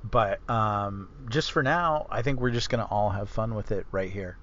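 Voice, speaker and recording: A man's voice: fairly low pitch, moderate pace, fairly bright tone, dull audio, slight background noise. A man hosting a casual book discussion podcast, rambling and correcting himself as he explains with enthusiasm. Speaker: author and podcast host.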